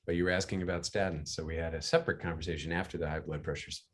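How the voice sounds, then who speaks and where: A man's voice: deep voice, steady tone, racing, fairly bright tone. A man co-hosting a video call, reading out viewer questions in an upbeat, friendly way. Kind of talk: casual moderating on a video call.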